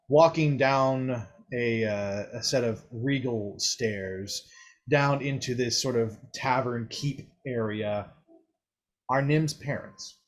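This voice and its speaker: A man narrating as game master of a tabletop game in a slow, descriptive way. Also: mid-range voice.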